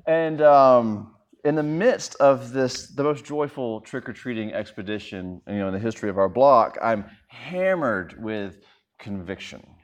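A man's voice: medium pitch, animated, measured pace. A man in his thirties, a pastor preaching a sermon in a conversational, self-deprecating storytelling way.

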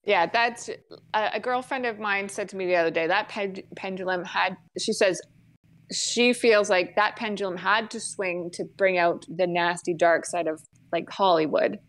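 A woman's voice: medium pitch, moderate pace, poor audio. A woman talks in a loose, blunt podcast chat. She swears freely, laughs often, and keeps trailing off and starting her sentences over. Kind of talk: casual chat.

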